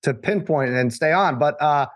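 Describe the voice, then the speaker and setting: A man's voice: a little high, moderate pace. A man hosting a casual sports talk show, rambling and often restarting his sentences. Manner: rambling, self-interrupting.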